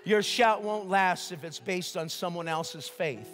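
An older man preaching a sermon as pastor, lively and joking, asking the crowd questions. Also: high-pitched, unhurried, in a large hall, faint music behind. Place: church sanctuary.

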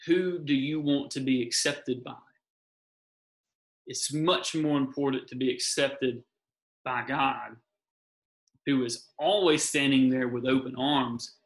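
A man's voice: medium pitch, fairly even intonation, unhurried, rough recording. A man speaking as a guest in an earnest, encouraging faith talk, often repeating his key phrases.

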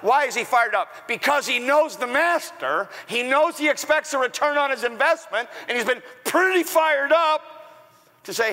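A male pastor preaching an animated sermon, acting out the scripture with raised shouts. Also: very high-pitched, normal speed. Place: large church hall with long reverb. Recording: live sermon in reverberant church hall.

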